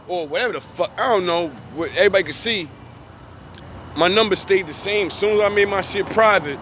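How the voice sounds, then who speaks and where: A man's voice: high voice, fairly quick, a bit bright, a little hiss or hum. A young man giving a casual, preachy monologue in profane street slang, worked up as he preaches. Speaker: vlogger.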